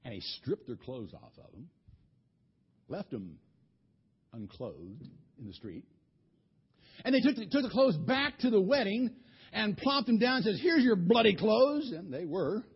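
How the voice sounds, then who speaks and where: Casting: a husky, folksy preacher telling a Bible story, dull lo-fi recording. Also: male voice, high-pitched, very animated, unhurried, long pauses. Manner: folksy, colloquial, lots of restarts. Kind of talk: animated Bible storytelling sermon.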